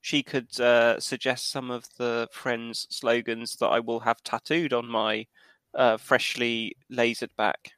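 A man's voice: medium pitch, level tone, slow pace, fairly bright tone, no room sound. A British man who is a podcast guest, chatting playfully and tongue-in-cheek. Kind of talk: casual chat.

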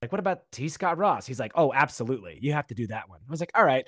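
Animated storytelling man, dry close sound. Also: medium pitch, very fast, dry recording. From Virginia Beach, USA. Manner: animated storyteller, acts out quotes. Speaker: guest, stage actor. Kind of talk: casual podcast chat.

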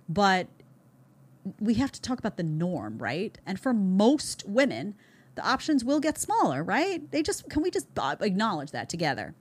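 A woman hosting a show, giving opinionated commentary in an emphatic way, with many repeated words and rhetorical questions. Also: medium pitch. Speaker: show host reacting to clips.

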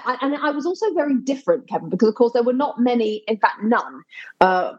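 A middle-aged English woman in a casual interview, telling lively, nostalgic stories and laughing often. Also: fairly high pitch, quick pace, slightly rough, muffled recording. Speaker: sports broadcaster, guest. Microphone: video call.

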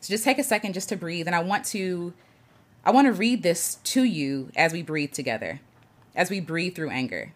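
A woman hosting a livestream, greeting viewers and slowly guiding breathing and spoken affirmations in an earnest tone. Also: on the low side, animated. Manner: greets chat viewers by name. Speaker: livestream host. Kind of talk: guided reflection livestream.

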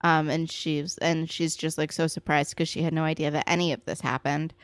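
Chatty low-voiced woman recapping a show. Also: little pitch movement, brisk, no echo, clean studio sound. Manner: chatty, filler-heavy, jumps into higher voices for quoted characters. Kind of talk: casual TV episode recap.

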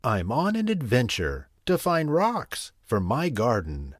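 A man's voice: mid-range voice, huge pitch swings, slow pace, dry recording, studio quality, heavily acted. A man reading as Bonnie, a cheerful little bunny. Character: cheerful young female bunny on an adventure.

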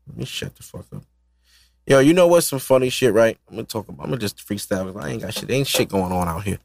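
A man's voice: lowish voice, lively intonation, fast talker, vocal fry, darkish tone, dry recording. A man hosting a solo podcast in loose, profane, rambling casual chat, laughing often. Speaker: podcast host.

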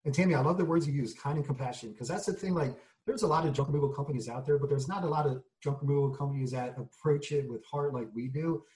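A man's voice: mid-range voice, quick pace, hardly any pauses, darkish tone. A man telling a story in casual conversation as an interview guest, acting out the quoted lines. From United States. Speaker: guest, junk removal business owner. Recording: voice a bit distant from the mic.

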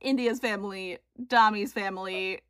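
A woman's voice: medium pitch, steady tone, moderate pace, fairly bright tone, clear, resonant tone, no room sound. Woman co-host, close dry sound, wry and questioning in casual chat. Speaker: podcast co-host.

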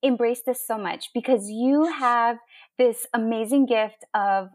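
A woman with a fairly high voice talks as a guest in a casual podcast chat. She speaks earnestly and encouragingly and sometimes gropes for the right word. The sound is dry and close, with no room behind it. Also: a little slow, no echo. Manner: warm, earnest, searching for words. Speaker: interview guest.

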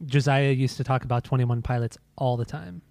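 A man's voice: mid-range voice, fairly even intonation, fairly quick, vocal fry, darkish tone, dry recording. A young man co-hosting a podcast in a casual chat, teasing his friend and asking short questions. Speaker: podcast co-host.

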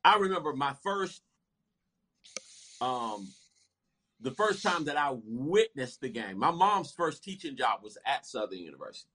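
Give me an animated storyteller in his fifties with a bright, punchy voice. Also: mid-range voice, measured pace, long pauses, slightly rough. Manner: animated, lively storytelling with laughter. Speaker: guest. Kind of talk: storytelling in casual chat.

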